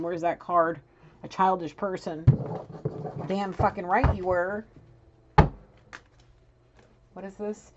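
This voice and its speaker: A woman giving a casual tarot reading, blunt and profane, scolding and animated as she talks. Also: fairly low pitch, slow, long pauses, muffled recording, noisy background. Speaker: tarot reader.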